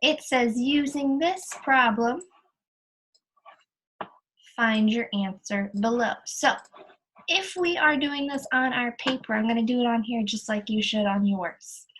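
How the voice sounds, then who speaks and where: In this screen-share recording of a lesson walkthrough, a woman teacher guides students through worksheet answers slowly, patiently, one step at a time. Her voice is on the high side and fairly bright, captured with poor audio and slight background noise.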